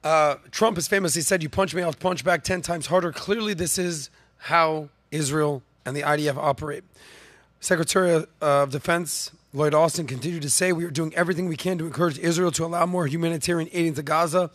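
A man's voice: a little high, fairly quick, fairly bright tone, dry recording. A man hosting a podcast, giving emphatic opinion commentary with rhetorical questions and the odd cough. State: coughing, throat clearing. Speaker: podcast host. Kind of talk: opinion commentary, talking to camera and co-host.

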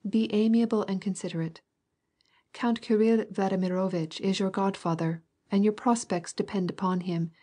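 A woman's voice: medium pitch, steady tone, moderate pace, dark tone, breathy edge, natural voice. A woman voicing an impoverished aristocratic mother who coaxes and pleads, in an audiobook. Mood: coaxing. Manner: coaxing, pleading. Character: poor aristocratic mother, anxious and wheedling.

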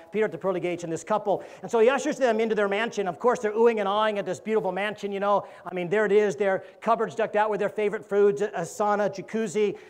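A man, an evangelist preacher, delivering a sermon in a church and telling a joke with animated character voices. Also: high-pitched.

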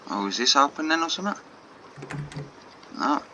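A man's voice: fairly high pitch, big pitch swings, moderate pace, bright, forceful tone, muffled recording, a little hiss or hum. A man casually commenting as he plays a video game, thinking aloud in loose asides. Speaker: gaming channel host. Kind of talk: let's play commentary.

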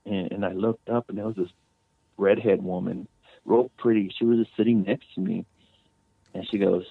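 Gravelly man on a tinny remote line. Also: low voice, steady tone, normal speed, pauses often, no echo. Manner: rambling, many restarts, fillers like "you know" and "man". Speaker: guest author and medium. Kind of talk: casual storytelling.

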